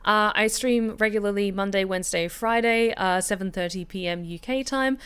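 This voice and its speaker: A woman's voice: medium pitch, normal speed, a bit bright, clear, resonant tone. A woman, a voice actor, chatting casually and upbeat on a live game stream over background music, with frequent fillers and laughs. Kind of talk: casual livestream chat.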